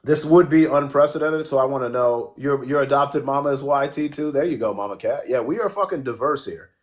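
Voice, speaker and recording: A man with a mid-range voice hosts a relaxed livestream at a fairly quick pace. He jokes, swears liberally and replies to viewer comments on the fly.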